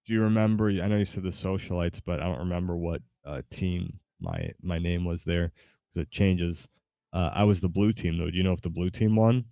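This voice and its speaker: A man's voice: low-pitched, brisk, warm tone, no echo, clean studio sound. A man streaming a game, chatting casually in a rambling, hesitant way with many fillers. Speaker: gaming streamer. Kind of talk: casual live-stream chat. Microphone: desk mic with webcam.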